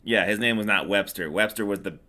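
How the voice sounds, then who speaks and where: A man's voice: on the low side, brisk, bright, forceful tone. A middle-aged man hosting a podcast, recapping a movie in a rambling, sarcastic way with plenty of fillers. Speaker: podcast host. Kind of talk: casual movie recap chat.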